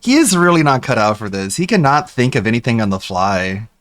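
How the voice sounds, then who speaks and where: A man's voice: medium pitch, very animated, a little fast, a bit bright. A man streaming live, reacting to a show with blunt, mocking commentary.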